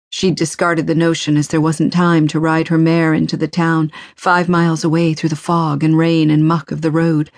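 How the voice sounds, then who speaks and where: A woman narrating a suspense audiobook in a measured, tense way. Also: deep voice, darkish tone, no echo, clean studio sound. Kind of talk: scripted thriller narration.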